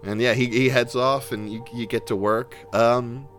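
A young man narrating a tabletop game as game master, animated and full of fillers and restarts. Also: medium pitch, normal speed, soft background music.

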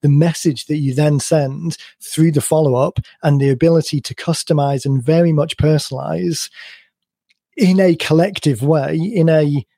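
A man hosting a podcast, explaining his points at length in an emphatic conversational way, his voice a little croaky. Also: a little high, fairly even intonation, moderate pace, dark tone, no room sound, studio quality. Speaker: podcast host.

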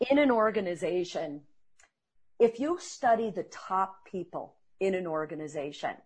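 A woman who trains salespeople, speaking as an interview guest and telling earnest, animated stories. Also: on the low side, slightly rough.

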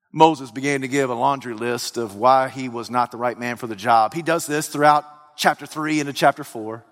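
A man preaching a sermon as pastor, emphatic and now and then rising to a shout. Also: medium pitch, a little fast, few pauses. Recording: long hall reverb.

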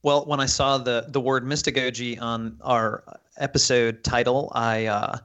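A man's voice: medium pitch, little pitch movement, a little slow, a bit bright, muffled recording. Easygoing man on a video call. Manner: dry joking, easygoing. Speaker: podcast co-host, youth minister. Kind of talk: casual podcast chat over video call.

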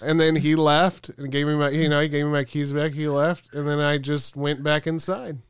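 Smooth-voiced man telling a wild story. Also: a little high, moderate pace, dry recording. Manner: animated, acts out quoted dialogue, swears freely. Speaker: podcast co-host. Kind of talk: comedic storytelling on a podcast.

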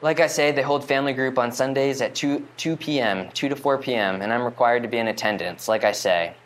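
A man's voice: mid-range voice, a little fast, a little hiss or hum. A man performing a first-person monologue in a wry, rambling, conversational way. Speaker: storyteller.

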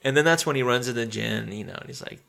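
A man's voice: mid-range voice, fast talker, creaky, bright, forceful tone. A man in his forties co-hosting a casual movie podcast, laughing often and swearing freely. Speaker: podcast co-host. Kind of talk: casual movie review chat.

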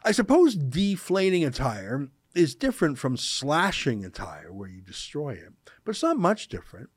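A man's voice: on the high side, huge pitch swings, normal speed, husky, dry recording, clean studio sound. A man hosting his own show, delivering a sarcastic, mocking opinion monologue with emphatic asides. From Canada. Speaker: show host.

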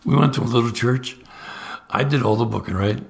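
Older man telling lively stories. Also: a little fast, gravelly. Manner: lively storyteller, swings into high voices for quotes; repeats words when starting sentences. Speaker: evangelist guest. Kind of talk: storytelling in a podcast interview.

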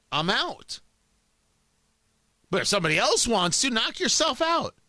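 A man's voice: high-pitched, bright, forceful tone, dry recording. A man delivering an emphatic opinion monologue as a talk host, often repeating words as he builds a point.

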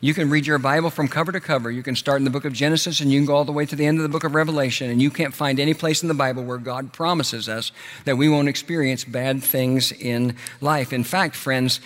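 A male pastor preaching a sermon, rising to loud passionate peaks and then dropping soft and slow. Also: medium pitch, steady tone, big-room sound.

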